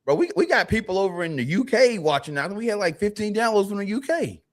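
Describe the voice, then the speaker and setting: Animated co-host, lively pitch. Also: male voice, quick pace. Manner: animated, swears casually, restarts often. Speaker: podcast co-host. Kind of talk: casual podcast chat.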